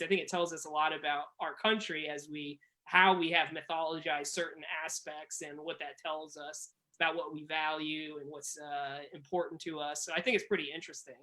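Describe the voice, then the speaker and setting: A panelist musing aloud about history, with the occasional filler and pause. The voice is bright and forceful, at a middle pitch. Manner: reflective, with fillers. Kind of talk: casual panel discussion.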